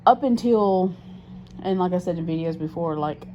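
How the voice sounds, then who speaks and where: Low-voiced woman venting in a muffled diary vlog. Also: normal speed. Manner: candid and rambling, swears freely, many fillers and restarts. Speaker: diary vlogger. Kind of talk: casual confessional diary talk. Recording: muffled lo-fi sound with steady background noise.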